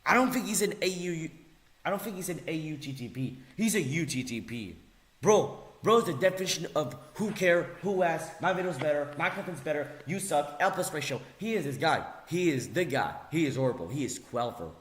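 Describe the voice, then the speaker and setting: A young man ranting angrily on video, mocking and insulting, swinging between low mutters and loud yells. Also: animated, a little fast. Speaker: video ranter. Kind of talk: angry rant video. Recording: echoey room.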